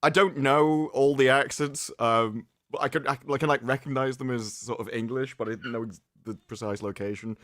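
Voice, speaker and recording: A man's voice: mid-range voice, steady tone, normal speed, hardly any pauses, a bit bright, no room sound. A man co-hosting a casual livestream chat, rambling and opinionated, on a close mic. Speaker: co-host.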